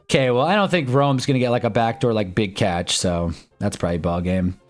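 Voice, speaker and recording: A young man talks casually while watching football on a live stream, his voice swinging from quiet muttering to sudden excited outbursts. He sits close to a desk mic, and faint music plays softly behind him. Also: lowish voice, fairly quick. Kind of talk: casual live sports watch-along chat.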